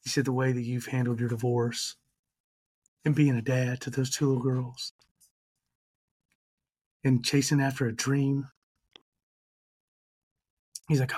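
Speaking a little slowly with frequent pauses, a man in his thirties recounts his own story as a podcast guest. His ordinary mid-range voice is darkish and breathy, with little pitch movement. He's candid, earnest and reflective, at times emotional.

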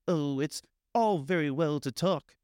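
A man's voice: on the high side, big pitch swings, normal speed, darkish tone, no echo, studio quality. A man voicing a shy, eager young male mole in a storybook, timid and easily delighted. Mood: wondering. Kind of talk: storybook character reading.

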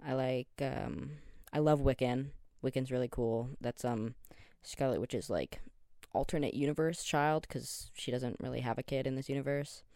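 A man's voice: medium pitch, moderate pace, darkish tone, dry recording. A young Canadian man in his twenties chats alone into the mic for his podcast, tired but still chatty. He rambles and cuts himself off, fills gaps with likes and ums, and gets keen about the superheroes he loves. The sound is dry and close, with no room around it. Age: 20s. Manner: rambling and self-interrupting, with many likes and ums. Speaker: podcast host. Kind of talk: casual solo podcast chat.

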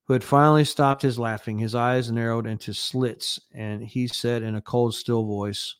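Smooth-voiced man reading a vision aloud. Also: medium pitch, steady tone, moderate pace, dry recording, clean studio sound. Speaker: newscast host.

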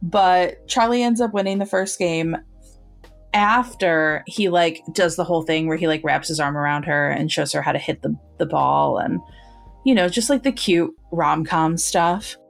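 A woman with a fairly low voice chats through a book's plot in an easy podcast style. She pops up into brighter, higher tones whenever she quotes a character. Faint music sits under the talk. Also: normal speed, vocal fry. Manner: retells scenes, quoting characters in livelier raised tones. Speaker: podcast co-host. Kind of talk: casual book review chat.

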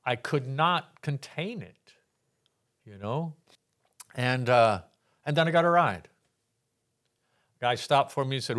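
Older Texan man, lively storyteller. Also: medium pitch, a little slow, pauses often. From Texas. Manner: lively storyteller who acts out the voices in his anecdotes and laughs often. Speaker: podcast guest. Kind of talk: personal faith testimony.

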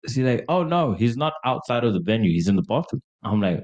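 A man's voice: lowish voice, brisk, hardly any pauses, lo-fi sound. Young man telling a wild party story. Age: young adult. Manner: animated, acts out quotes in raised voice, laughs often. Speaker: podcast co-host. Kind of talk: casual storytelling chat.

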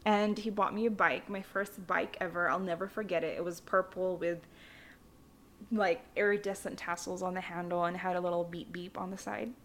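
A woman's voice: on the low side, steady tone, normal speed, a bit bright. A young woman from the Philippines telling her childhood story in a candid, chatty way, with frequent fillers and casual swearing. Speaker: vlogger.

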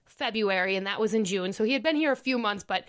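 A woman's voice: mid-range voice, animated, fast talker, a bit bright. A young woman from Minnesota hosting a podcast, telling a dating story in a chatty way and laughing often. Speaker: podcast host. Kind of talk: casual storytelling podcast chat.

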